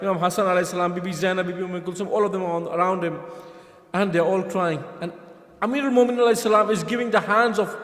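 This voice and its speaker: A man's voice: high-pitched, fairly even intonation, fast talker, fairly bright tone. A man preaching a mournful sermon, telling a story earnestly and rising to impassioned pleas. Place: large hall at a religious gathering. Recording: reverberant hall sound.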